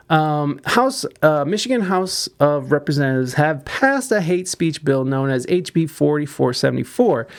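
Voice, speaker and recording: Podcast host, man, gravelly edge, rambling and profane with lots of restarts. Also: fairly high pitch. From United States. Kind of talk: casual commentary on news.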